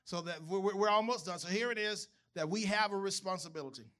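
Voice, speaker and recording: Preacher, high bright voice, chatty sermon style that keeps asking the congregation questions. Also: male voice, quick pace. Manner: conversational, asks the congregation questions. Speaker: pastor. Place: church.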